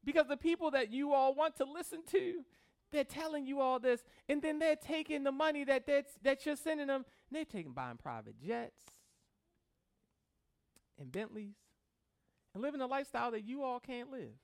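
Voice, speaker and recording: A man's voice: very high voice, lively intonation, normal speed. A man preaching a sermon as pastor, joking with the congregation and mimicking people in a loose, conversational way.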